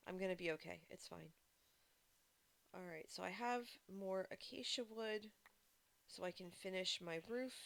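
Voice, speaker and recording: With a gravelly, mid-range voice, a woman talks to her chat during a live-streamed game. Her casual conversation rambles, packed with fillers and restarts.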